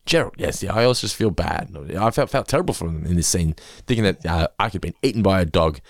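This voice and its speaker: A man hosting a podcast, giggling often and slipping into animated impressions as he recaps an episode. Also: low voice, fast talker, dry recording, clean studio sound. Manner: giggly, jumps into animated impressions when quoting. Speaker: podcast host. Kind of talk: casual recap chat.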